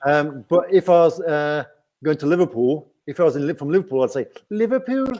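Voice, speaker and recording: On a casual livestream, a host from England chats and rambles in a Nottingham accent, with "right?" cropping up often. His voice is a little high and a little mellow, and he speaks a little fast.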